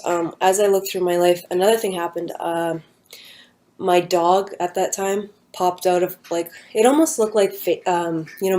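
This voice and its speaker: A woman's voice: fairly low pitch, a little mellow. A young woman talking at home, telling a personal story in a rambling casual way with many fillers and restarts. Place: at home with her dog nearby.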